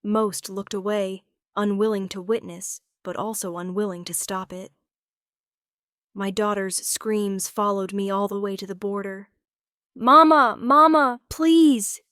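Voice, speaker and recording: Slow, smooth woman audiobook narrator. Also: medium pitch, no room sound, clean studio sound. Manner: measured, dramatic storytelling. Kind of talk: first-person romance audiobook narration.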